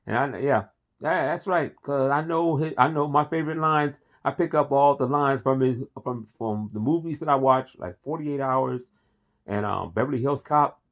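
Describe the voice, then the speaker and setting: A man talking straight to camera in a relaxed, enthusiastic vlog. He rambles and repeats himself with a mid-pitched voice. The recording is dull and lo-fi. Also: moderate pace. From Philadelphia. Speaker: host. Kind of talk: casual vlog monologue.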